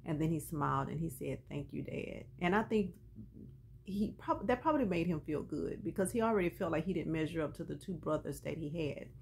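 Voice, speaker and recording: A woman's voice: low voice, fairly quick, creaky, slight background noise. Chatty woman recapping a TV episode. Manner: animated, chatty, with colloquial asides. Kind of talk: casual storytelling recap.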